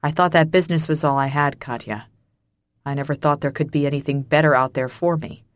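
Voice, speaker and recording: A woman narrator voicing a brooding mafia boss with a low, gravelly voice, in an audiobook. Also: steady tone, brisk, dry recording, natural voice. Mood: quiet. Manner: quiet, clipped, bitter.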